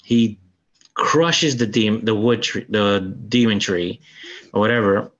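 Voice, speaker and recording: A man co-hosting a casual podcast, excitedly recounting a film's plot and acting out the characters' lines. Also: lowish voice, slow, lo-fi sound. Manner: animated retelling, acts out character lines. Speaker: podcast co-host. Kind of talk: casual film review chat.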